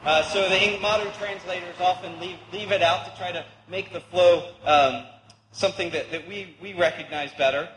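Bright-voiced male preacher in echoey hall. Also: high voice, fairly even intonation, moderate pace, a little hiss or hum. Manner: conversational preaching with playful asides. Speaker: pastor. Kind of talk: sermon with scripture reading. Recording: echoey hall with long reverb.

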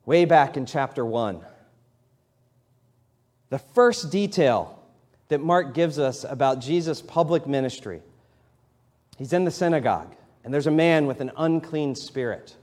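This thirtyish pastor has a voice on the high side with a darkish tone, and he preaches animatedly at a measured pace, pausing often. His conversational sermon in the church sanctuary builds toward rising, emphatic lines, heard through long hall reverb.

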